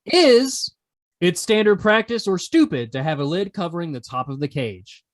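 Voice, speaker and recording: A man's voice: high voice, animated, moderate pace. A man hosting a podcast quiz segment, teasing the players in a playful, casual way. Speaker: podcast host running a quiz. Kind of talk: casual chat.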